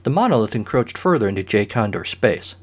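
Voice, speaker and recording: A man's voice: lowish voice, big pitch swings, a little fast. Dry, matter-of-fact male storyteller. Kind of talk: scripted narration of a comic short story.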